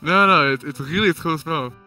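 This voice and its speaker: A man's voice: fairly high pitch, fairly quick, pushed and bright, soft background music. A man joining a game stream as a guest over a voice call, playful and goofy. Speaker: guest caller. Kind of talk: casual call chat. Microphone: voice call headset.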